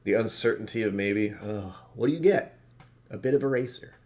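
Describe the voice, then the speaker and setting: Tired, rambling man for a casual whisky vlog; low-ish voice, self-deprecating. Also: brisk, darkish tone. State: tired from poor sleep. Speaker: whisky reviewer. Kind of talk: casual tasting notes to camera.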